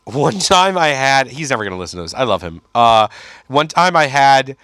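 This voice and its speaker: Bright-voiced young man telling animated stories. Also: medium pitch, normal speed, dry recording, clean studio sound. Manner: animated storyteller, mimics people he quotes. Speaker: stand-up comedian guest. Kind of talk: casual podcast chat. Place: Chicago.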